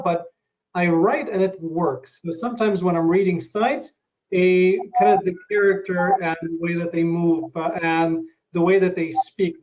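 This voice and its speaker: A man hosting an interview, asking questions and sharing his own experience in a thoughtful, halting way. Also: a little high, darkish tone, low-quality recording. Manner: thoughtful, halting, many fillers. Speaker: interview host. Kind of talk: casual interview.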